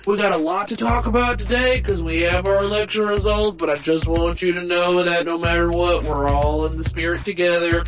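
A woman voicing a folksy male high school principal making intercom announcements in a drawn-out, announcer-like way. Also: steady tone, dull audio, soft background music, close to an everyday voice. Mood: cheerful.

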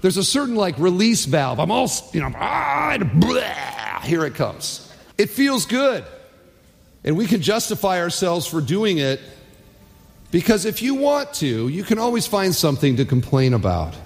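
A male pastor delivers a sermon in a high voice that leaps up and down with lively swings. He throws in rhetorical questions and acts out little quotes along the way. Long reverb from a large church hall hangs behind his words. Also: moderate pace.

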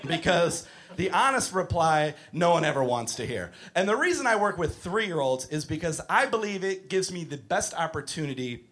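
A man doing a crude stand-up comedy set, ranting and shouting mock arguments. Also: on the high side, very animated, moderate pace.

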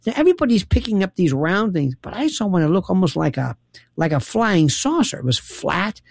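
Woman, storyteller, animated and laughing, dry booth sound. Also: on the low side, fairly quick, gravelly, no echo. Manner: animated, laughing, dramatic quoted voices. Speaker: radio host guest. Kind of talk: casual storytelling chat.

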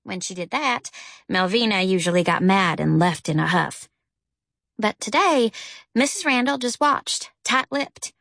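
A woman narrating a children's novel as an audiobook, with a gentle storytelling manner. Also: expressive, unhurried, vocal fry, dry recording. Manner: gentle storytelling, lifts pitch for characters' lines. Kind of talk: scripted narration.

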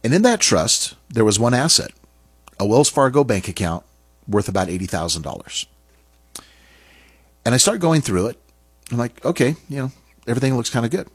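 A middle-aged man telling a personal story in an earnest, halting way, with restarts and pauses. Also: medium pitch, very animated, slightly rough, no echo. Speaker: speaker sharing a personal story.

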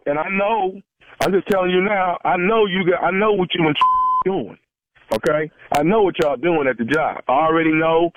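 A man's voice: a little high, no room sound. A man making a prank phone call, pushy and stifling laughs as he talks. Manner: pushy, laughs under his breath. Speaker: prank caller.

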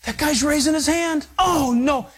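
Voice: high voice, measured pace, voice pushed up. A preacher mocking a panicky, reluctant God. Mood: panicked. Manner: panicky, shouting.

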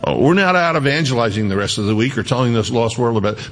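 A male pastor preaching a conversational sermon, slowing down to dwell on scripture verses. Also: medium pitch, sing-song, slight background noise.

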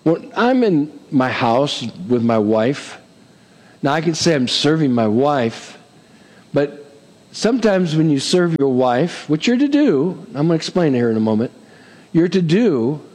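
A middle-aged man preaching a sermon as pastor, emphatic and lively, with touches of humor. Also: a little high, long reverb tail.

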